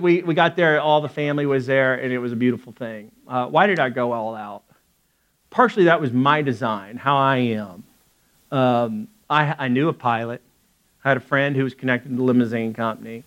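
A man's voice: mid-range voice, dull audio. Man telling a story from the pulpit. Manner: lively storytelling with acted quotes and quick asides. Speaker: pastor. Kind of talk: storytelling sermon and prayer.

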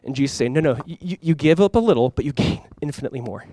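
A male pastor delivers a sermon at a quick clip, his voice sitting a little high for a man. He preaches in a conversational, emphatic way, with asides and direct appeals to his listeners. The sound is close and dry, with little room echo. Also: animated, dark tone. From California.

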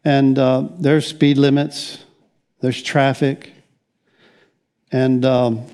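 A man's voice: medium pitch, little pitch movement, drawn-out words, a little mellow, clear, resonant tone. An older man preaching a conversational sermon as pastor, rambling along with frequent restarts and wry asides.

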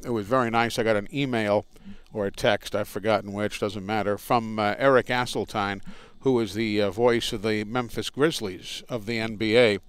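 A man's voice: on the low side, fairly even intonation, moderate pace, clean tone, no room sound. A radio play-by-play broadcaster telling casual, rambling, self-deprecating stories from his career in an interview. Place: indoors at a college arena.

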